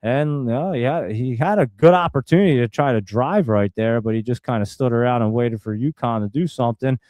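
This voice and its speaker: A man hosting a stream, giving casual live play-by-play commentary in a chatty, excitable way and talking straight to his viewers. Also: mid-range voice, fairly quick, dry recording. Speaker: stream host.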